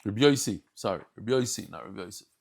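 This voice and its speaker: A man teaching a daily Talmud class, animated and joking, acting out the dialogue as he goes. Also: on the low side, rapid-fire, creaky. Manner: animated, jokey asides, acts out dialogue.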